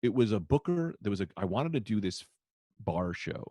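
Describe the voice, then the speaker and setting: A man, a comedian guest, telling heckler stories in casual podcast chat, profane and animated. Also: on the low side, moderate pace, dry recording, studio quality. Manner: profane, animated, acts out shouted quotes.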